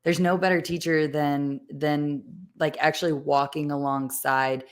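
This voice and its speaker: A woman's voice: low voice, flat delivery, unhurried. A woman hosting a podcast, sharing a personal story in an earnest, emotional way. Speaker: podcast host. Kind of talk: conversational interview.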